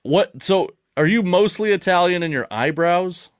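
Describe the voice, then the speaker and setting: A man's voice: high voice, lively intonation, moderate pace, no echo, studio quality. A man hosting a podcast in a jokey, self-deprecating way. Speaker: podcast host. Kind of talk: casual podcast chat.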